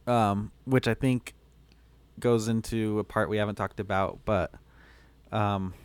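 A man's voice: lowish voice, steady tone, unhurried, clean tone, no room sound. A man co-hosting a casual film chat, laughing often.

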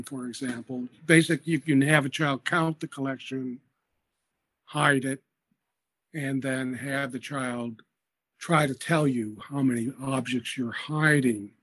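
A man's voice: mid-range voice, fairly bright tone. A man being interviewed as an education expert, explaining methodically and patiently with small hesitations.

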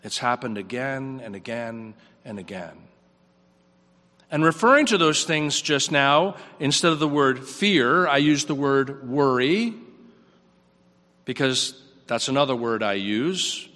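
A man preaching a sermon in a reflective, earnest way, his voice rising on questions and dropping soft. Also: mid-range voice, expressive, measured pace, big-room sound.

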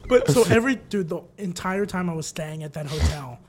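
High-voiced, animated male storyteller. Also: a little fast, crowd noise. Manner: animated storyteller, acts out quoted voices, laughs often. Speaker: podcast co-host. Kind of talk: casual storytelling chat.

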